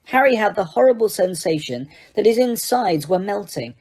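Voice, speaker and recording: A woman narrating an audiobook in a steady storytelling manner, with the odd small slip. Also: medium pitch, moderate pace, few pauses, breathy edge. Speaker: audiobook reader.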